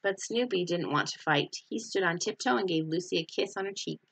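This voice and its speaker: A woman teacher reading a picture book aloud with expressive storytelling. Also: on the low side, fairly quick, vocal fry, slightly rough.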